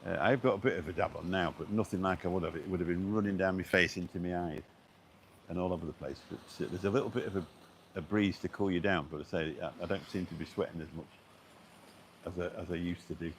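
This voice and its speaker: A man's voice: low voice, fast, slight background noise. A middle-aged man chatting casually on a live stream as he walks by the beach, rambling along with lots of fillers and restarts. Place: outdoors on a beach walk.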